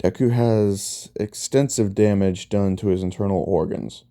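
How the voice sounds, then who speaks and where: A man voicing a calm, professional male doctor who explains in a measured way. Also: fairly low pitch.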